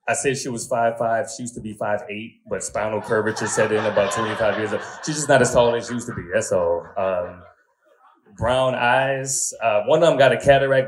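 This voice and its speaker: A man in his thirties working a stand-up crowd. He talks in an easy, conversational way, leans into crude punchlines, and keeps tossing short asides to the audience. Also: on the low side. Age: 30s. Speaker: stand-up comedian. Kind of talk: stand-up comedy set.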